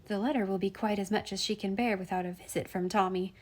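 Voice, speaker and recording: Woman voicing a soft wry schoolmistress mother. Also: medium pitch, fairly even intonation, fast, close to an everyday voice. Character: kind mother who runs a school. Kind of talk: audiobook reading.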